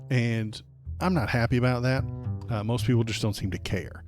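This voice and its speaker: A man ranting bluntly and sarcastically in political commentary as the host of his stream. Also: medium pitch.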